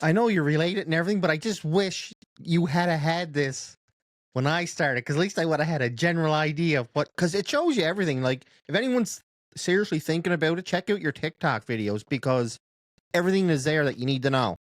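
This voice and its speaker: A man's voice: fairly high pitch, animated, brisk, no room sound, clean studio sound. A man hosting a casual talk, easygoing and chiming in with short agreements. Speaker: host. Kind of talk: casual chat.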